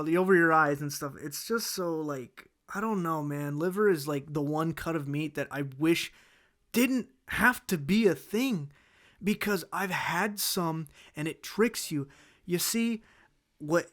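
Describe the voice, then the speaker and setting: A man's voice: on the high side, fairly bright tone. A man hosting a casual solo talk show, rambling through food complaints with many restarts, fillers and exasperated outbursts. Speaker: host.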